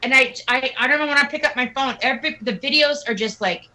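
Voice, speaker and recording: A woman guest on a radio interview, talking in a casual, animated and mocking way with quick asides. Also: high voice, low-quality recording. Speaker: guest singer.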